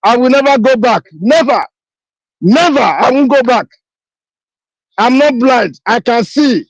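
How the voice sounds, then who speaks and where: A woman's voice: fairly high pitch, expressive, a little slow, no echo, dull audio. A woman, speaking emphatically in a live audio chat, repeating herself and pleading. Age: 50s. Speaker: caller on an audio space.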